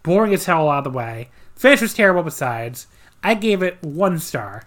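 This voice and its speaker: A man's voice: fairly high pitch, big pitch swings, normal speed, a bit bright. Sarcastic man reviewing wrestling matches. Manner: sarcastic, dry asides, many fillers. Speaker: podcast host. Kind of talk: casual wrestling review chat.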